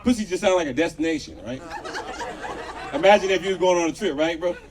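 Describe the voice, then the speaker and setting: A man's voice: a little high, fast talker, background noise. A man in his thirties from Los Angeles doing a loose, profane stand-up set with lots of crowd work on an outdoor patio. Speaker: stand-up comedian. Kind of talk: live stand-up comedy set. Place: outdoor patio comedy show. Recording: distant live audio with crowd laughter.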